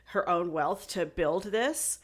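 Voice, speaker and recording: A woman's voice: lowish voice, slow. A woman co-hosting a podcast, telling the story in a casual, chatty way, laughing and restarting her sentences. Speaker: podcast co-host presenting the story.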